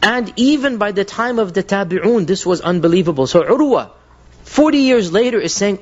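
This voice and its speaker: A man preaching a sermon, telling stories in an animated way, repeating phrases and using Arabic religious terms. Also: high voice, a little fast, lo-fi sound.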